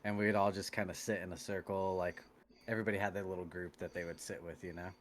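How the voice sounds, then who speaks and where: A man's voice: sits low, flat delivery, quick pace, a little hiss or hum. A man co-hosting a casual podcast, telling a story in a loose, rambling way, swearing freely and filling with "like" and "you know". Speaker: podcast co-host.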